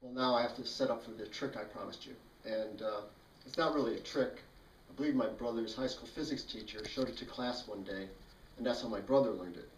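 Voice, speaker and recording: A man's voice: medium pitch, fairly quick, slight background noise. A man telling a childhood story in a casual, dry and wry way. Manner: dry, wry, matter-of-fact. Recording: roomy, mic at a distance.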